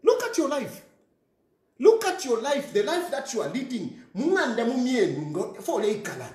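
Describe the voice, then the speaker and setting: Ranting Zambian man with a high voice. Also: big pitch swings, normal speed, a little mellow, roomy sound. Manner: ranting, scornful, repeats phrases, mixes in local words. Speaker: commentator. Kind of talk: impassioned monologue.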